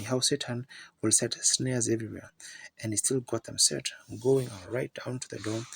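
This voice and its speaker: A man preaching a sermon, telling folksy stories in plain rural grammar with a gravelly, raspy voice. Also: medium pitch, dry recording.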